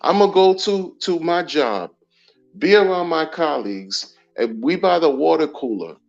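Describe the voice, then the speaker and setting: A man hosting a casual crypto livestream, talking in an animated, slangy way with lots of repeated phrases. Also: fairly high pitch, a little slow, vocal fry. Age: adult. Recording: dull lo-fi audio with faint music.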